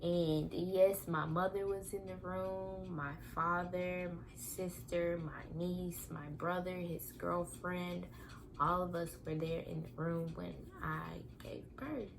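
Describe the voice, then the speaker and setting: Animated young woman telling a story. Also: fairly low pitch, slow, noisy background. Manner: animated, candid, laughs and acts out shouted quotes. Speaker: vlogger. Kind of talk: casual storytelling.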